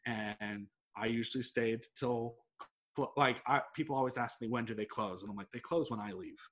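A man's voice: medium pitch, moderate pace. Rambling man telling a story. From United States. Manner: rambling, storytelling, swears freely, fillers like "like". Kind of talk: casual chat.

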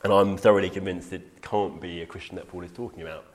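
A man's voice: sits low, fairly even intonation, quick pace. Earnest man teaching scripture. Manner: earnest, emphatic, quotes scripture. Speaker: preacher. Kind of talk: bible teaching talk.

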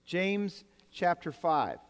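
A man's voice: sits high, big pitch swings, drawn-out words, clear, resonant tone. A man preaching a sermon in a church, talking to the congregation in a conversational way with jokes and repeated words. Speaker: pastor. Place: church sanctuary. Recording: reverberant hall.

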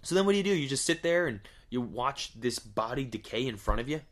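A man's voice: mid-range voice, expressive, fairly quick. A man hosting a podcast, rambling through a crude, joking monologue full of swearing and rhetorical questions. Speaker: podcast host. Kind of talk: casual comedic podcast monologue.

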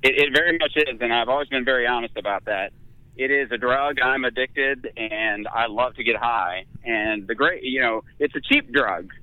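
A man's voice: medium pitch, normal speed, phone-quality sound. A man guest telling a candid, self-mocking personal story in casual conversation.

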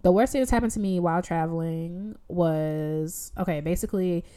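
A young woman from Chicago telling a story in casual chat, slangy and expressive. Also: fairly low pitch, normal speed.

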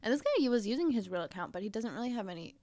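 A woman's voice: medium pitch, expressive, very fast, a little mellow, no echo. A woman in her thirties, a little congested, telling a story in casual chat with lots of fillers and laughter. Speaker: podcast guest.

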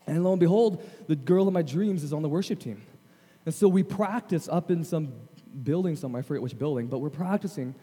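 A man in his thirties, a guest chapel speaker, telling self-deprecating stories in a lively, animated way. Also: a little high, moderate pace. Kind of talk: storytelling chapel sermon. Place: large chapel hall. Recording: long hall reverb.

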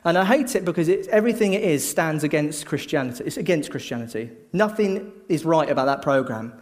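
A middle-aged man preaching a sermon, telling the story lively and acting out the voices of a crowd. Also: a little high, brisk, big-room sound.

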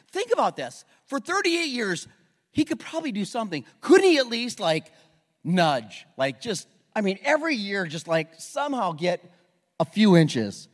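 A middle-aged male pastor preaching an animated, conversational sermon full of rhetorical questions, in a church with long reverb. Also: extremely high pitch. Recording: long reverb of a large hall.

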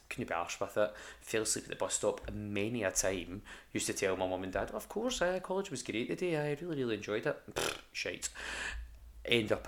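Gravelly low-voiced Scottish man rambling. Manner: rambling, sweary, frequent ums and restarts. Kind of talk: casual storytelling.

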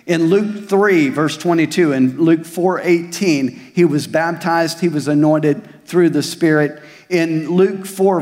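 A man's voice: fairly high pitch, darkish tone. Man preaching a sermon in a reverberant hall. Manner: preaching with rhetorical questions and personal stories. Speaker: pastor. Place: church service at a community center.

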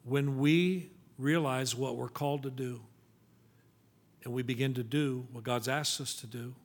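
A male pastor pleads through rhetorical questions in his sermon, speaking with a steady tone at a slightly slow pace. For scripture readings, he drops into a quiet, low voice.

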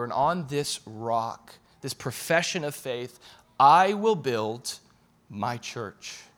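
A man preaching a sermon as pastor, animated and casual, repeating phrases for emphasis. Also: a little high.

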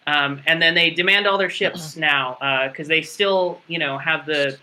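Man, casual podcast recapper, bright forward tone, rambling and wry. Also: on the high side, a little slow, slight background noise, low-quality recording. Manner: rambling, sarcastic, profane recap with many fillers. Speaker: podcast co-host recapping a game story. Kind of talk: casual chat.

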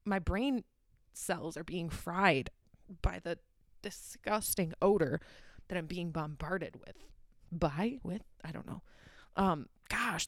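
A woman's voice: on the low side, dry recording, clean studio sound. A young adult woman hosting a solo podcast from her apartment, ranting casually, swearing often and getting sidetracked. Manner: rambling, profane, easily sidetracked. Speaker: podcast host.

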